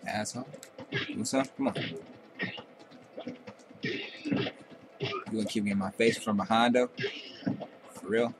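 Young dude cussing at enemies while he plays, slow drawl, noisy recording. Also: on the low side. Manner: profane trash talk. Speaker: gameplay commentator. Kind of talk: casual gameplay commentary.

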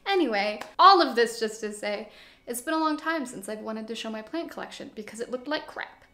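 A young woman chats her way through a houseplant tour in a lively, casual vlog voice. Her voice sits a bit high, and the room around her rings with echo. She drifts from soft, cozy asides to sudden animated outbursts. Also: a little fast. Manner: chatty and animated, swings between cozy hush and excited outbursts. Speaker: plant YouTuber. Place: living room full of plants. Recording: echoey room.

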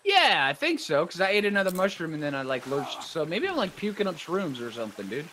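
A man with a high, bright voice chats through a co-op survival game with a friend. His pitch swings wildly as he reacts, and he keeps tossing in "dude" and "man". A faint hiss sits under the recording. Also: fast talker. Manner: excitable, says "dude" and "man" a lot. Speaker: gaming channel host. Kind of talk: casual co-op gameplay chat.

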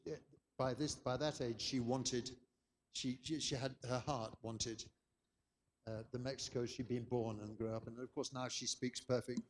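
A man's voice: medium pitch, a little hiss or hum. Chatty older man lecturing in a hall. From England. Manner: chatty, anecdotal, rambling. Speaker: keynote speaker. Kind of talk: conference lecture.

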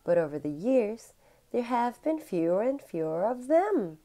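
Mom reading a kind old orchard lady, soft, sighing, a bit breathy. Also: fairly high pitch, sing-song, measured pace, voice pushed up. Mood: gentle, sad. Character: kindly old woman orchard owner, gentle.

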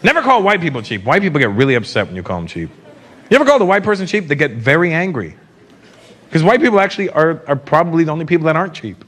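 A man performing a stand-up comedy set on a theater stage in an animated, mocking way, often slipping into impressions. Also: on the high side, quick pace. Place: theater stage before a live audience. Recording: live show with loud crowd and noise. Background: loud audience laughter.

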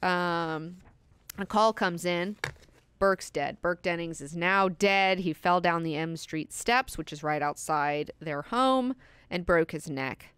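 A woman's voice: on the low side, takes it slowly, clean tone, dry recording. A young adult woman hosting a book class, casually retelling a horror novel with lots of swearing and fillers. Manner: profane, animated retelling with fillers. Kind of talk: casual book discussion lesson.

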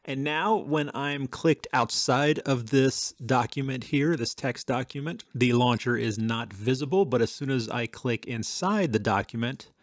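A man hosting a tech channel, chatting casually through a software demo with some fillers and dictated test sentences. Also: mid-range voice, no echo, clean studio sound.

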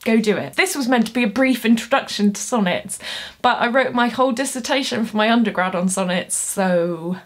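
A woman's voice: a little high, brisk. Young woman, poet explaining poetry, chatty, nerdy, self-deprecating. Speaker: poet and booktuber. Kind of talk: casual explainer video.

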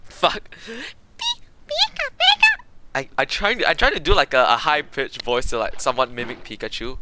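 A man's voice: mid-range voice, expressive, moderate pace, long pauses, very noisy. A young man streaming a frustrating game, chatting casually to viewers, rambling and groaning, with game music behind him. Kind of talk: casual gaming livestream chat.

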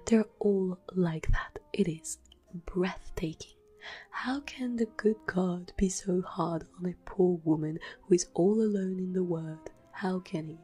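A woman's voice: on the low side, unhurried, soft background music. Woman whispering as a fierce peasant woman, whispered role-play. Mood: lamenting. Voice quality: breathy whisper. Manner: lamenting, then shouting in anger. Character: bitter, fierce peasant woman, about forty.

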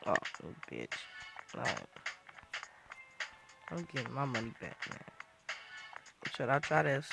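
Trash-talking young man gaming, loud music. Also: medium pitch, huge pitch swings, a little slow, creaky. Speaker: gaming channel host. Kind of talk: profane game commentary.

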